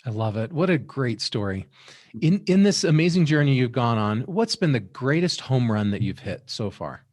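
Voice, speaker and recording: A man's voice: medium pitch, sing-song, normal speed, a little mellow, dry recording. A man hosting an interview and asking questions in an upbeat, encouraging way. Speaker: interview host.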